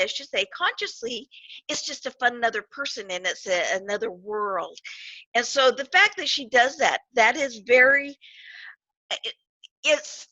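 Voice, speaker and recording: This is an older woman hosting a live online talk show. Her voice sits high and rings bright, and she explains things with animation, often correcting herself mid-thought. The audio is dull and very dry, like a web stream. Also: no room sound. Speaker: host.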